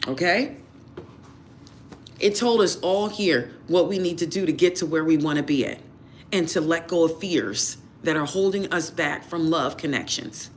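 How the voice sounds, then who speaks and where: A man's voice: sits high, fairly bright tone, slight background noise. A man giving blunt dating advice during a live tarot reading. He repeats his points and asks many rhetorical questions. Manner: emphatic, repeats phrases, fires rhetorical questions. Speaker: tarot reader.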